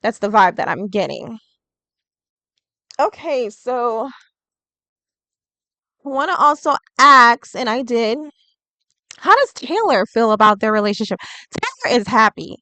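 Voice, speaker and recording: A woman's voice: on the high side, sing-song, a little slow, long pauses, bright, forceful tone, no room sound, rough recording. A woman doing a casual tarot reading vlog, chatty and rambling, full of "like". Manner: chatty and rambling, heavy use of "like". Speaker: tarot reader.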